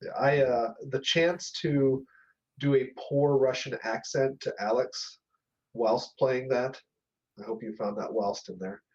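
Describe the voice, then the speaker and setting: A man's voice: medium pitch, a little slow, a little mellow, dull audio. A man co-hosting a podcast, talking casually and hesitantly with many fillers and frequent laughter. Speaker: podcast co-host. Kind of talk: casual chat.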